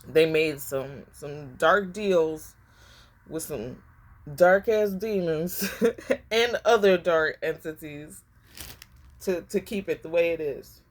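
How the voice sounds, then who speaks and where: A woman's voice: sits low, slow pace. A woman giving a casual tarot reading, talking emphatically to her viewers and often repeating herself for effect. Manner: emphatic and repetitive, addressing viewers as y'all. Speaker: tarot reader.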